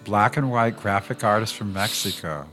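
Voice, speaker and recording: A man co-hosting a podcast, talking in a hesitant casual way with pauses between phrases. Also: fairly low pitch, sharp tone, soft background music. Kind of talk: casual chat.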